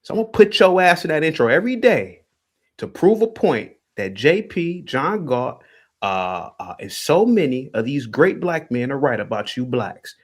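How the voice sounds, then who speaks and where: Ranting on his call-in stream, this host gets confrontational and taunting, circling back to repeat what he's said. He speaks at a moderate pace in a medium-pitched male voice that swings widely in pitch.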